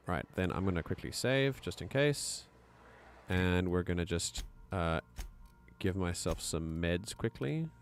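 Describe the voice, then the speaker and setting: A man with a South African accent giving casual, excitable commentary while streaming a video game. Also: deep voice, creaky, a little hiss or hum. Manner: excitable, chatty, laughs often.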